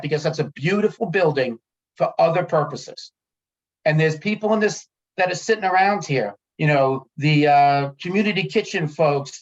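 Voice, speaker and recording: Frustrated man venting at a town meeting. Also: fairly high pitch. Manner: frustrated, heated, repeats himself. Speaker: resident speaking at a town committee meeting. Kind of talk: public comment at a meeting. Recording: dull lo-fi meeting audio.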